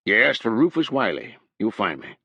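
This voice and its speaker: A man voicing a stern older rural hog owner from who speaks in a slow, dry drawl. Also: on the low side, big pitch swings, sharp tone, husky, dry recording, full character voice. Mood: dry shrewd.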